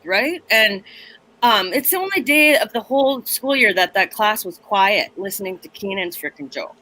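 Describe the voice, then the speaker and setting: Teacher lady telling a funny story, bright sharp voice, acts out all the voices. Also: a little high, low-quality recording. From Minneapolis area. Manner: animated, acts out voices, laughs often. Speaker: comedian and teacher guest. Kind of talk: storytelling on a video call.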